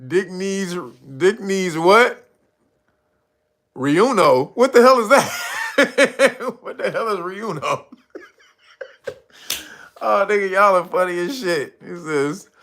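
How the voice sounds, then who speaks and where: A man's voice: sits high, animated, takes it slowly, pauses often, fairly bright tone. A livestream host reading out his chat, laughing constantly, loose and profane.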